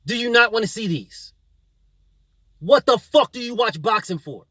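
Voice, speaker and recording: A man's voice: high voice, animated, moderate pace, sharp tone, dry recording. A man hosting his own boxing channel, delivering a combative, profane opinion rant full of repetition.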